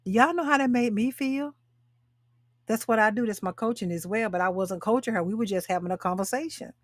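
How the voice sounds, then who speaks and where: On a live stream for women, a talk show host and life coach in her 60s speaks fairly quickly in a voice on the high side, with no echo, through a webcam or phone mic. Emphatic and preachy, she repeats her points and calls out to viewers, the sound dry and close with little room around her.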